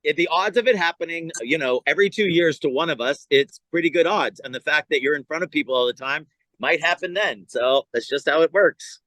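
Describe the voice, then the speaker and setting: A man's voice: fairly high pitch, fairly quick, no room sound, poor audio. A middle-aged male comedian from California telling stories in a casual podcast chat. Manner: animated storyteller, lively retelling. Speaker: comedian guest.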